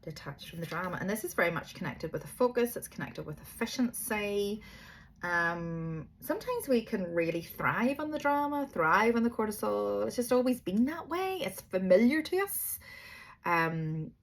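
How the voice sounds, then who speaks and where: A woman's voice: medium pitch, sing-song, moderate pace. A middle-aged woman, a yoga teacher, giving a chatty, rambling, encouraging spiritual talk. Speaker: yoga teacher and energy reader. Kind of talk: casual spiritual monologue.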